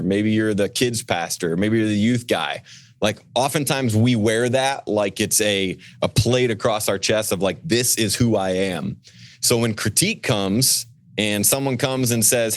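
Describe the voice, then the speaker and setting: A man's voice: fairly low pitch, dry recording, clean studio sound. Earnest man speaking as a pastor guest. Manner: earnest, preachy, acts out quoted voices, many restarts. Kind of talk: podcast interview.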